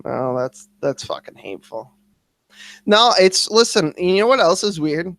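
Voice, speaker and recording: A man rants through a casual podcast stream, swearing nearly every sentence. His voice sits a little high and comes across dry and close, with no room sound around it. He talks quickly and with lots of energy. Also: gravelly, dry recording. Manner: heavy cursing, ranting; fast, animated venting. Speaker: podcast co-host. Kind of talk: casual livestream chat.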